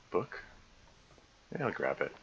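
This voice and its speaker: Deep-voiced man rambling through a game stream. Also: a bit bright. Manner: rambling, self-correcting, frequent stammered restarts. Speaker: streamer playing a survival game. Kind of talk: casual live-stream commentary. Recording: slightly dull lo-fi mic with faint noise.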